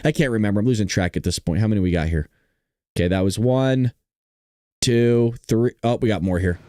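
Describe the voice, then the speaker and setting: A man hosting a political commentary show, reacting to a clip with loud, profane, mocking rants. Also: fairly low pitch, a little fast, clear, resonant tone, dry recording, clean studio sound.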